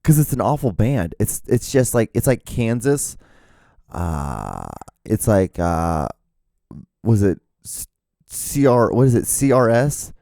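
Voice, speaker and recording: A man's voice: lowish voice, sing-song, slow, vocal fry, mellow, no room sound, studio quality. A man in his thirties hosting a solo podcast, rambling and profane, self-mocking, with lots of fillers and restarts. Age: 30s. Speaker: podcast host.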